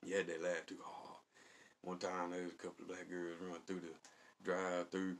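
A man's voice: low voice, completely flat delivery, a little fast. A man telling rambling, colloquial stories in a casual vlog, chuckling often. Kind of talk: casual storytelling.

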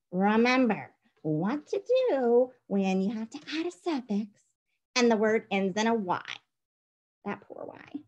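Slow, lively playful woman teacher. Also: fairly high pitch, muffled recording. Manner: playful, slow and clearly spelled out. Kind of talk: recorded phonics dictation lesson.

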